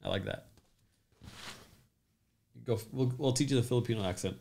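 A man's voice: mid-range voice, moderate pace, creaky, a little mellow. A man hosting a crypto livestream in a casual chat, loosely joking and greeting commenters by name.

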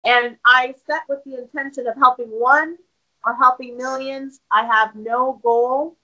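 A woman podcaster talking about her show in an interview, open and animated, often restarting her sentences. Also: high-pitched, measured pace, poor audio. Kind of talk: casual interview conversation.

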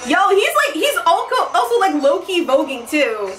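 A woman's voice: very high voice, sing-song, normal speed, a bit bright, faint music behind. A woman vlogger giving a giddy, gushing reaction commentary, laughing often and crying out.

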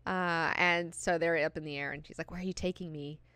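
A young woman hosting a book club, retelling the chapter in casual, profane, excited chat and putting on quick mock voices for the characters. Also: deep voice, clear, resonant tone, dry recording.

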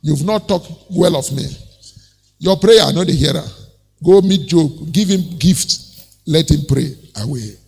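Stern scolding God, Nigerian accent, husky lively voice as a pastor voices him. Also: male voice, a little high, a little slow, long reverb tail, exaggerated voice. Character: stern male God rebuking people.

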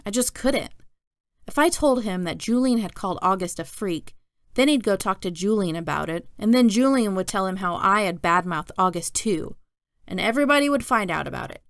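A woman reads a children's novel aloud in a steady, plain narration. Her mid-pitched voice has a gravelly fry at phrase ends. The sound is dry and close, with no room around it. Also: moderate pace, no room sound. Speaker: storyteller.

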